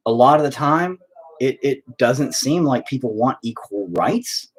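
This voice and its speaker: A man's voice: medium pitch, animated, a little slow. A man chatting at home while painting, rambling through a profane, opinionated rant.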